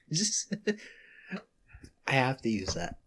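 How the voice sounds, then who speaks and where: Very animated, laughing male podcast co-host. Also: mid-range voice, extremely slow, breathy edge. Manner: very animated, laughs a lot, many fillers. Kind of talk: casual chat.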